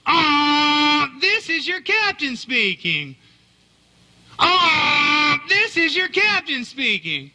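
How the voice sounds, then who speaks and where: A man mimicking a loud, repetitive male ship captain on a recorded sales call. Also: extremely high pitch, huge pitch swings, very slow, voice pushed up, full character voice, poor audio. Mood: blaring.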